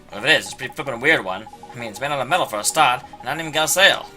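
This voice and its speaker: A man's voice: medium pitch, animated, rapid-fire, sharp tone. A man streaming a video game, chatting in a casual, sarcastic, playful way. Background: game music.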